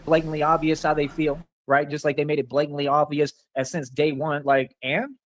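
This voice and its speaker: A man's voice: fairly high pitch, little pitch movement, brisk, a little hiss or hum. A man delivering a rambling, boastful livestream rant, confrontational and full of repeated filler phrases. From Rio Grande Valley, Texas. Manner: angry and confrontational. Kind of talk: ranting livestream monologue.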